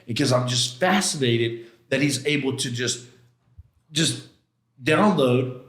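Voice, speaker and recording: A man's voice: medium pitch, takes it slowly, long pauses, a bit bright. A man being interviewed as a podcast guest, telling a personal story in a casual, slangy, emphatic way and acting out his own past outbursts. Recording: roomy echo.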